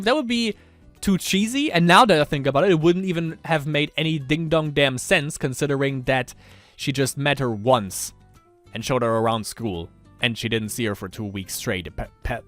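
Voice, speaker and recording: Brief: chatty gamer guy, lively swinging pitch, somewhat high, faint music behind. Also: no room sound. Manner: animated, laughs often, rambling asides. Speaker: let's play gamer. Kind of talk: casual game commentary and reading aloud.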